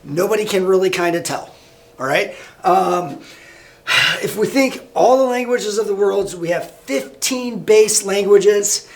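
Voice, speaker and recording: A high-voiced man with a Midwestern American accent talks a class through his slides. His delivery is loose and casual, with plenty of fillers and restarts, like a high school teacher recording a lecture. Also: unhurried.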